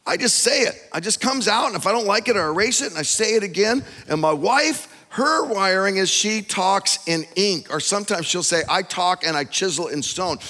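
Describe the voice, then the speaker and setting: A man preaching a sermon with personal stories, telling them in an animated way and acting out the voices of the people in them. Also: sits high. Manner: animated storytelling, acts out quoted voices. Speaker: pastor. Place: church auditorium. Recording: long hall reverb.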